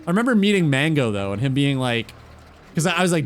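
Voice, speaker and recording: A man's voice: on the high side, very animated, fast, slight background noise. A man chatting casually on a gaming stream, rambling and swearing offhandedly.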